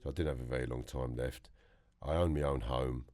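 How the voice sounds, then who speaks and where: A man's voice: rumbling low, steady tone, brisk, darkish tone. A middle-aged man with a London accent, telling blunt stories as a guest in a podcast studio. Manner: blunt storytelling, mimics others. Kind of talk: casual chat.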